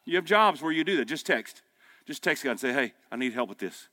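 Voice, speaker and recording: Bright-voiced preacher man. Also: mid-range voice, animated, brisk. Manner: folksy, emphatic preaching, rising to loud peaks. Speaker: pastor. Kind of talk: sermon. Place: men's breakfast gathering hall.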